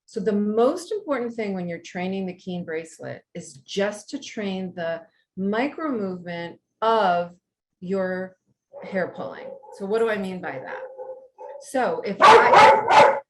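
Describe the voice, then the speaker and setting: A woman's voice: medium pitch, animated, takes it slowly. A woman hosting a webinar from home over a video call, chatty and enthusiastic as she shares her own story and teaches. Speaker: webinar presenter. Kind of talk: friendly instructional talk with personal story. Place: home with dogs.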